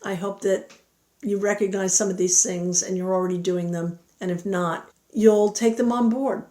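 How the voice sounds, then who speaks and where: A woman's voice: medium pitch, fairly even intonation, normal speed, warm tone, roomy sound. A woman giving earnest, encouraging advice about bonding with dogs. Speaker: dog training speaker. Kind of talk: instructional talk.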